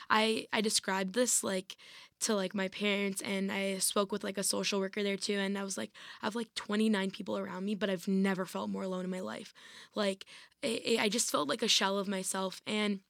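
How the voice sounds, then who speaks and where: This young woman, a former college athlete, shares her own story in an interview in a laid-back way, full of "like" and frequent restarts. She has a mid-range, creaky, slightly bright voice with little pitch movement, speaks briskly, and the sound is dry and clean, studio-made.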